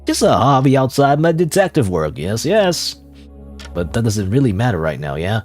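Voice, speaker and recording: A man doing a high, playful dodgy detective. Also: very animated, normal speed, a little mellow, soft background music, natural voice. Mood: evasive.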